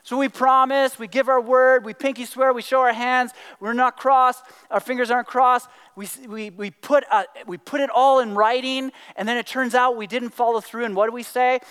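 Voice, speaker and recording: A man preaching a sermon in an animated way, acting out excuses in little voices and dropping to quiet emphasis. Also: very high voice, normal speed, few pauses, clean tone, long reverb tail. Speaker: pastor.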